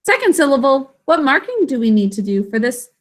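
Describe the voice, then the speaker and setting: A woman's voice: high-pitched, very animated, a little fast. A woman teaching an online literacy lesson over a video call, carefully sounding out words and encouraging her students.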